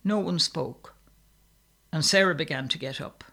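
A man reading a story aloud in a measured, steady narration. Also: fairly high pitch, gravelly.

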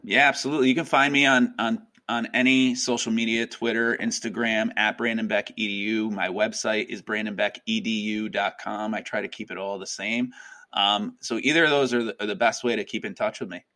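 A man's voice: lowish voice, steady tone, fairly quick, pushed and bright. A man in his thirties, a guest educator and author, chatting casually and upbeat with many fillers in an interview.

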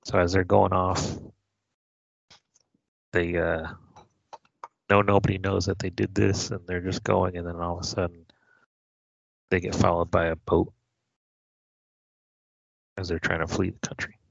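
A man's voice: low voice, flat delivery, measured pace, creaky, pauses often, no room sound. A man co-hosting a podcast in casual chat, retelling scenes plainly and step by step. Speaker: podcast co-host. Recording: dry, dull lo-fi audio.

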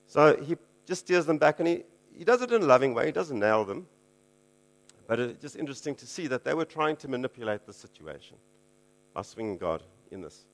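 A man's voice: mid-range voice, lively intonation, moderate pace. A man preaching a casual teaching sermon, conversational, with chuckling asides and frequent checks like "okay".

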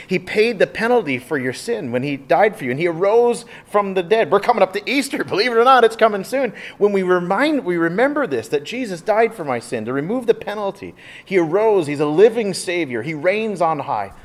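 A pastor delivering an earnest sermon in a conversational style, with frequent restarts and filler words. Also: male voice, medium pitch.

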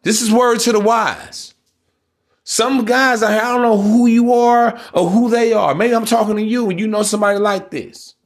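Dude with a high voice going off on his podcast, blunt and preachy, lots of cussing. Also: fairly even intonation, a little fast, hardly any pauses. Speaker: podcast host. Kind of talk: solo podcast rant.

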